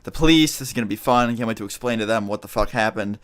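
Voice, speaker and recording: A man's voice: lowish voice, very fast. A teenage guy telling a story in a casual vlog, rambling and swearing as he acts out what people said. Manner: profane, rambling, recounts with quoted dialogue. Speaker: vlogger.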